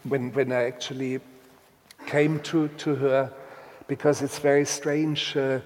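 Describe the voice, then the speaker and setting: Male storyteller, deliberate and halting delivery, very slow, recorded with a long reverberant tail. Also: mid-range voice, flat delivery. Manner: halting, deliberate, with many restarts. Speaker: guest telling a story. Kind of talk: slow reflective storytelling with readings.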